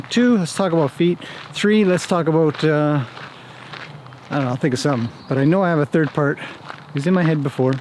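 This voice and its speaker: A chatty horse trainer, his pitch slightly raised and a little mellow, vlogs while walking round a rural farm. He talks easily to the camera and fondly to the animals in this casual walk-and-talk. Faint outdoor noise is in the background.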